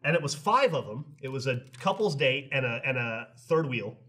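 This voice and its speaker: A man's voice: mid-range voice, expressive, normal speed, fairly bright tone, slightly rough. A man telling a wry, profane anecdote to friends in casual podcast chat. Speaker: podcast regular. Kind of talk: casual storytelling among friends.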